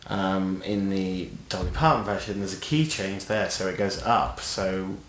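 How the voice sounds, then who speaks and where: A man's voice: deep voice, measured pace, a bit bright, echoey room, a little hiss or hum. A man co-hosting a podcast, a guitarist and singer chatting casually and enthusiastically, swearing now and then. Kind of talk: casual chat.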